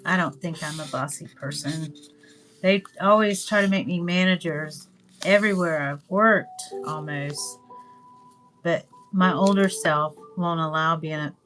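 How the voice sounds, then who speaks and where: A woman's voice: fairly low pitch, low-quality recording. An older woman from Northwest Florida with a Southern accent, chatting casually and rambling while she crafts on a livestream. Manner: rambling, chatty, trails off with ums. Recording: music playing behind.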